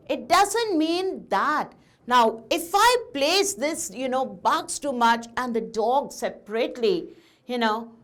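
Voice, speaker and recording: A woman's voice: high-pitched, a bit bright. A woman teaching English grammar to children, patiently asking questions and answering them herself. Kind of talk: classroom lesson addressing children.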